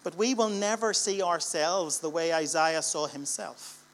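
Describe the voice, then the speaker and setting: A man's voice: on the high side, unhurried. A middle-aged man from Northern Ireland with a Northern Irish accent, preaching a sermon to a church gathering with rhetorical questions and building, repeated lines that swell with emphasis.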